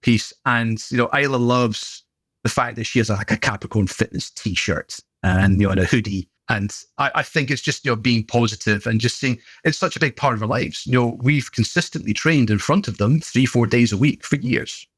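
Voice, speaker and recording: A man's voice: medium pitch, moderate pace, a bit bright, slightly rough, no echo. A middle-aged British man and gym owner, telling stories in a chatty, good-humoured way as a podcast guest. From Britain. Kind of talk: casual anecdotal conversation.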